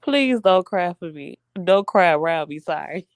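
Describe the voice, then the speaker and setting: A woman's voice: fairly low pitch, animated, measured pace, no room sound. A young woman venting to her viewers in a casual, emphatic heart-to-heart, addressing them as y'all. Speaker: vlogger.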